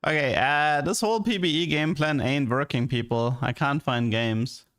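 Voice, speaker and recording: A man's voice: mid-range voice, moderate pace, fairly bright tone. A man streaming games and ranting in a casual, exasperated way, full of restarts and "like". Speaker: game streamer. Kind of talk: casual livestream commentary.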